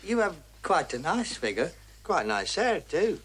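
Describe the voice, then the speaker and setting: An actor playing a smitten young man who earnestly flatters a woman in 1960s film dialogue. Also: a little high, unhurried. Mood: flattering. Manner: earnest, eager compliments. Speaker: film character.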